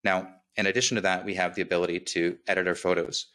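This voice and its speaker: A man with a slight lisp presenting a software demo in an upbeat, quick webinar walkthrough, often checking in with "right?". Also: low-pitched, little pitch movement.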